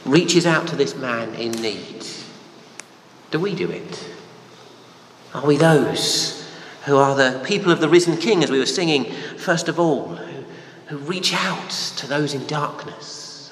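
A man's voice: a little high, a bit bright, slight background noise. A man preaching a conversational sermon, often asking his listeners rhetorical questions. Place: church hall. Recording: echoey hall, faint room ambience.

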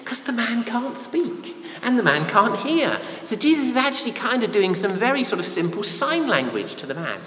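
A man's voice: very high voice, sing-song, normal speed, few pauses, a bit bright. A man preaching a conversational sermon, often asking his listeners rhetorical questions. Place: church hall. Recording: echoey hall, faint room ambience.

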